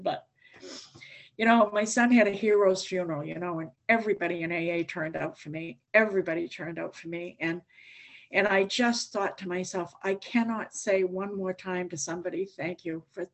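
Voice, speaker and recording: An older woman with a fairly low voice shares her story with a meeting. She talks plainly and candidly. Now and then a dry joke slips in. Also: normal speed. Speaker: AA speaker. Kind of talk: recovery share.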